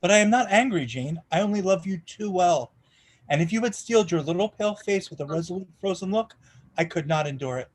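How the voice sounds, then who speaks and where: A man reading the part of a passionate, brooding gentleman in an audiobook, with an impassioned, pleading delivery. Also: high-pitched, animated, a little fast. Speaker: reader in a charity readathon.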